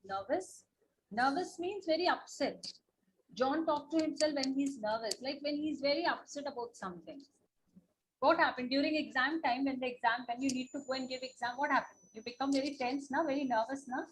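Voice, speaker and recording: Her high voice moves fairly quickly over a low-quality recording with a little hiss or hum. This online teacher, speaking Indian English, patiently repeats points and keeps asking "na?" and "okay?" as she goes.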